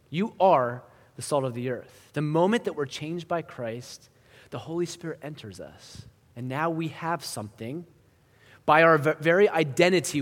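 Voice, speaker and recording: A male pastor preaching a sermon in a conversational style, building to emphatic lines and then dropping to quiet ones. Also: a little high. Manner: conversational preaching with rising emphasis and hushed drops. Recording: long hall reverb.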